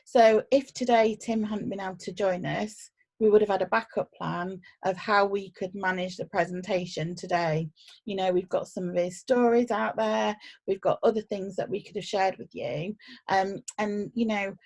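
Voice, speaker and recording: Woman host, gravelly and husky voice, businesslike and friendly, events planner. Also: medium pitch, fairly even intonation, moderate pace, darkish tone. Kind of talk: hosted chat on a video call.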